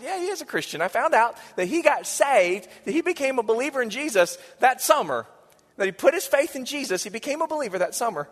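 A pastor in his forties preaching a sermon, moving between raised passages and hushed, whispered lines. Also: very high voice. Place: church sanctuary. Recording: church hall reverb with soft music.

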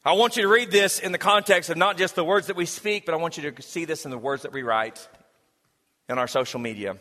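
A man's voice: on the high side, fairly quick, bright, forceful tone, long reverb tail. A man preaching a sermon to a congregation in a casual, joking way, then building to emphatic preaching. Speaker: pastor.

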